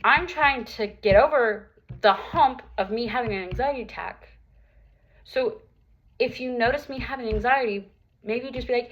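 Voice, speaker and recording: A woman's voice: a little high, moderate pace, a bit bright, muffled recording. A young adult woman talking candidly and earnestly to her viewers in a personal vlog, with plenty of casual fillers. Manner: earnest, open, lots of "like" fillers. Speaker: vlogger.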